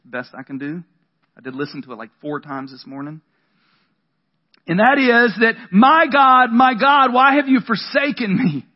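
Young male pastor, high voice, casual preaching with bursts of emphasis, dull recording. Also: expressive, normal speed. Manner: conversational preaching with dramatic emphasis. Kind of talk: sermon. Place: room with a congregation. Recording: dull lo-fi sound.

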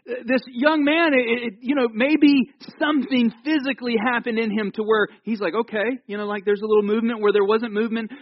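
High-voiced man preaching a chatty sermon. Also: no echo, highs cut off. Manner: animated, jokey storytelling with asides. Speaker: pastor. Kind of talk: conversational sermon. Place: church.

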